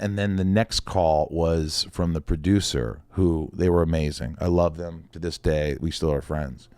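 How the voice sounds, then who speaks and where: A man's voice: low-pitched, normal speed, hardly any pauses, no room sound, clean studio sound. A man on a podcast, telling a story in a casual chat and acting out the other people's lines. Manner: animated storyteller, acts out quoted voices, swears casually. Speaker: podcast guest, actor.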